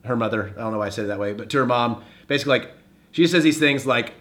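A man's voice: mid-range voice, fast talker, fairly bright tone. A man hosting a casual movie-review podcast, talking animatedly and acting out quoted lines as he recaps scenes. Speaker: podcast host.

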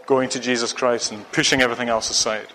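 A man's voice: mid-range voice, flat delivery, fast talker, pushed and bright, a little hiss or hum. A man from Scotland preaching a sermon, earnest and urging, repeating phrases for emphasis. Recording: long hall reverb.

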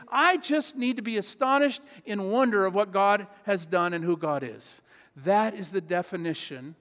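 A pastor preaching a sermon in his church, earnest and emphatic, repeating key phrases. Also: sits high. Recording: long hall reverb.

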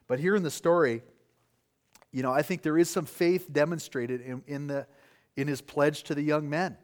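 A man's voice: a little high, steady tone, moderate pace. A man preaching an expository sermon, explaining the text earnestly and asking rhetorical questions.

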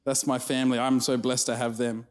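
A man's voice: mid-range voice, brisk. An Australian man preaching a sermon, telling family stories and acting out the quotes, with the audience laughing along. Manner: storytelling with animated acted-out quotes. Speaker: pastor.

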